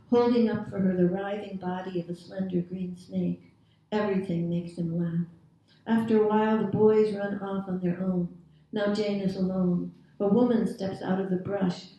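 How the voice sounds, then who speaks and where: A woman author reading her own prose aloud at a literary event, in a measured, deliberate storytelling manner. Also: medium pitch, warm tone. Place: reading series venue. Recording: very echoey room, distant mic.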